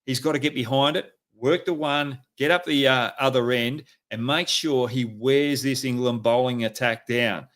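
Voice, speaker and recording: A middle-aged Australian man talks at an ordinary pitch for a man, breaking down play like a coach. He leans hard on his warnings and keeps his points plain, with frequent fillers as he thinks aloud. His voice sits in a middle register, neither deep nor high. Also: normal speed, hardly any pauses. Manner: animated, emphatic coaching talk with frequent fillers. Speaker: host. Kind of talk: live cricket analysis.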